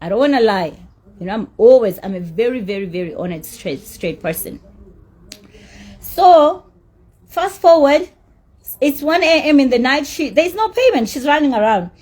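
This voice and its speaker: Husky, heated woman ranting. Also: high voice, very animated, moderate pace, pauses often, darkish tone. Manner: heated, emphatic, swearing. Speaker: celebrity recounting a dispute. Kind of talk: angry rant.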